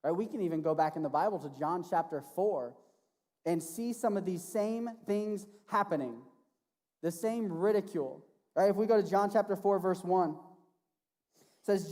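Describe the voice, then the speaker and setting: A man preaching as a youth pastor to teenagers, casual and animated, often checking in with "right?". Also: high-pitched, normal speed. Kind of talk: sermon to teenagers. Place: church hall. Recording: long reverb of a large hall.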